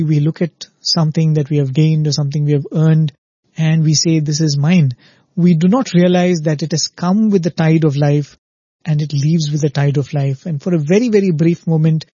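A man's voice: a little high, mellow, breathy edge, dry recording, highs cut off. A man giving an earnest spiritual discourse on a show, telling parables and often asking "right?". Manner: earnest, repetitive "right?" checks, storytelling.

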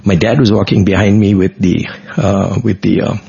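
A man's voice: on the low side, flat delivery, normal speed, vocal fry, mellow, slightly rough. A middle-aged man, earnestly recounting a devotional personal story in vivid detail in an interview. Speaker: guest. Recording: dull lo-fi recording.

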